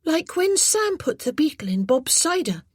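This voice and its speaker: A woman's voice: sits high, big pitch swings, moderate pace, dry recording, studio quality, voice pushed up. A woman narrator voicing a small, curious, scheming little boy who asks short, innocent-sounding questions.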